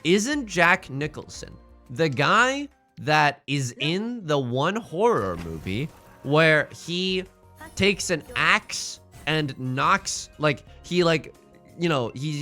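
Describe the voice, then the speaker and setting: A man's voice: a little high, very animated, slow, pushed and bright, faint music behind. A young man streaming a mahjong game, rambling and joking in casual asides to his chat. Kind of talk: casual live-stream chatter while playing mahjong.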